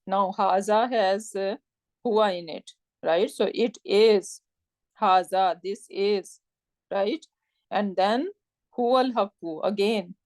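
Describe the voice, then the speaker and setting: A woman teaching a live grammar class, explaining step by step and often checking with "right?", in a warm, encouraging tone. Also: mid-range voice, no echo. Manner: warm encouraging tone with religious phrases.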